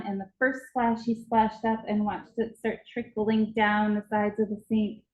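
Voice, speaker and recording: A woman's voice: mid-range voice, phone-quality sound. Woman telling a story in an echoey hall. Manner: vivid storytelling, acts out moments. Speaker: conference speaker. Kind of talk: storytelling presentation. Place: conference hall.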